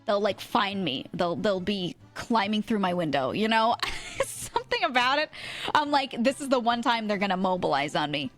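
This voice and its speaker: A woman's voice: medium pitch, lively intonation, normal speed, faint music behind. A young woman streamer chatting casually, rambling and laughing often. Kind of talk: casual chat.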